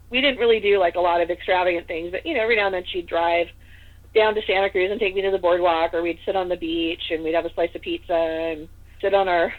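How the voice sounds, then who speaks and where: A woman from Northern California telling a story as a podcast guest, chatty and rambling, with lots of "like" and "you know.". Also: lowish voice. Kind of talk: casual storytelling in an interview. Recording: tinny phone-line audio.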